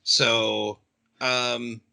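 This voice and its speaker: Co-host dude chiming in with jokes, bright edgy voice. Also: male voice, medium pitch, level tone, vocal fry. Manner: jumps in with quick remarks and jokes. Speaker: podcast co-host. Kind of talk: casual chat about anime.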